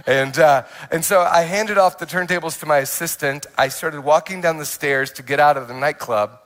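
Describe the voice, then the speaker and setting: A young adult male pastor telling his testimony in a sermon, animated and full of restarts and quoted asides. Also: fairly high pitch, a little fast, hardly any pauses.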